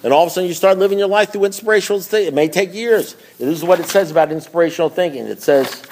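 A man addresses a recovery meeting, reading from a book and then riffing on it in plain, folksy talk. His voice sits a little high for a man. He leans on repetition and emphasis to drive each point home. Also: fast talker, darkish tone, slight background noise. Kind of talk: speaking at a twelve-step meeting.

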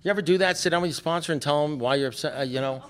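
This middle-aged man talks very fast in a higher voice as he shares stories with a recovery meeting. He's jokey, blunt and profane, and keeps starting his sentences over.

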